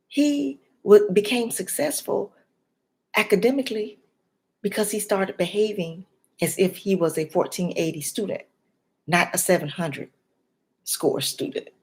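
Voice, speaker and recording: A woman, a life and health coach, giving a motivational talk straight to the viewer in a preacher-like way, dropping to whispers and rising to loud emphasis. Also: medium pitch. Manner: addresses the viewer directly.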